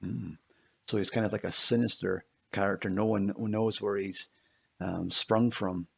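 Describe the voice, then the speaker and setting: A man's voice: fairly low pitch, steady tone, unhurried, gravelly, husky. A man co-hosting a casual film discussion podcast, asking curious questions. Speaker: podcast co-host.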